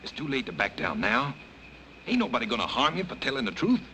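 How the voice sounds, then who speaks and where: A man's voice: medium pitch, big pitch swings, fast talker, bright, forceful tone, a little hiss or hum, poor audio. An actor playing a determined young Southern man in a 1940s film, pressing hard with an insistent manner. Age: young adult. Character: determined young swamp-country man, stubborn.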